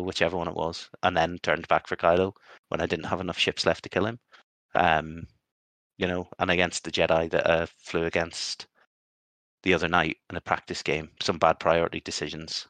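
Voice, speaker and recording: Deep-voiced male podcast co-host, rambling and reflective, dry close-miked sound. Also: fairly bright tone, dry recording. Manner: rambling, self-reflective, filler-heavy. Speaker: podcast co-host and competitive player. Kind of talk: casual podcast chat.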